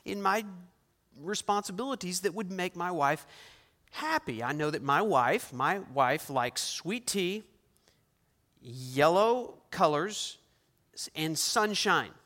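Middle-aged preacher in a reverberant hall. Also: male voice, high-pitched, animated, takes it slowly, sharp tone. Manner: emphatic preaching with repeated phrases. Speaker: pastor. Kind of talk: sermon. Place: church sanctuary.

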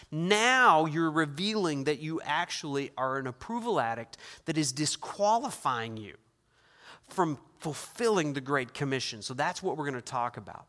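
A man's voice: on the high side, pushed and bright. A middle-aged man preaching a sermon as pastor, emphatic, building his points with repeated phrases. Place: church sanctuary. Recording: long hall reverb.

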